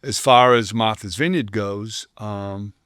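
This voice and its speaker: A man's voice: lowish voice, slow pace, clean tone, no echo, clean studio sound. An older man, a roofing business owner telling stories in a casual interview and acting out the people he quotes. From Boston area. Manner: animated storyteller who acts out quoted people. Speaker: roofing company owner, guest.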